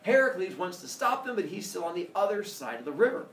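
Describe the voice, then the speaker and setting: Brief: male teacher, gravelly, lively storyteller, roomy classroom, heard from across the room. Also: high-pitched, quick pace, a little hiss or hum. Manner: animated, playful, asks the class questions. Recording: echoey classroom from far off.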